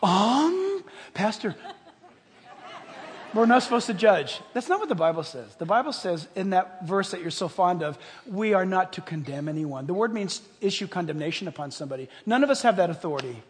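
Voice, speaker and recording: A man's voice: sits high, fast talker, hardly any pauses, in a large hall. A male pastor preaching a sermon, talking straight to his congregation with humorous asides. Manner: animated, addresses congregation directly, humorous asides.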